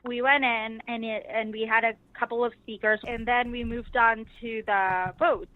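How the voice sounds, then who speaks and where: A woman's voice: fairly high pitch, steady tone, normal speed. A woman guest casually recounting events, chatty, with many fillers. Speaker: interview guest, activist delegate. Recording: tinny phone-line sound.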